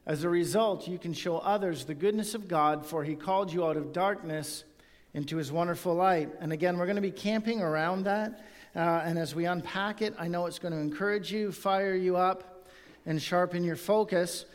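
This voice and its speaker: A man's voice: sits high, moderate pace, long reverb tail. A male pastor preaching a sermon and reading scripture aloud, in an earnest tone.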